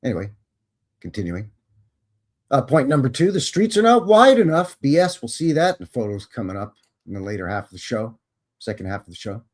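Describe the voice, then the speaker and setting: A man of middle pitch hosts a live show, reading history passages aloud in a casual way. He keeps breaking off for wry, sarcastic remarks and quick self-corrections before he carries on reading. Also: very animated. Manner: wry, sarcastic ad-libs between read passages.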